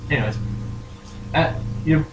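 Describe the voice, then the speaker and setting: A man narrating as game master for a tabletop role-playing game, halting and full of fillers. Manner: halting, many fillers and restarts. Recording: noisy, echoey home recording.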